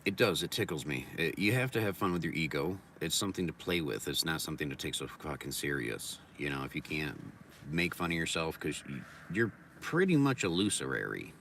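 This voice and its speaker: A man's voice: a bass voice, sing-song, fairly quick, a bit bright, recorded from a distance, a little hiss or hum. A man talking in a casual livestream monologue, rambling, blunt and full of swearing, circling back to repeated mantras. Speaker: livestream host.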